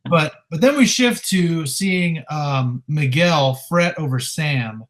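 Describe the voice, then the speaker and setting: A man's voice: on the high side, animated, slow. A man co-hosting a podcast, talking casually and animatedly about a show and defending his view. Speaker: podcast co-host. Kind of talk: casual film discussion.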